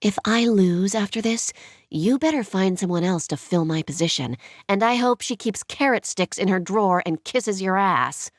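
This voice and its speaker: Sharp-tongued young woman, sarcastic, tart, dry close sound, as a narrator reads her. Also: mid-range voice, expressive, normal speed, dry recording, close to an everyday voice.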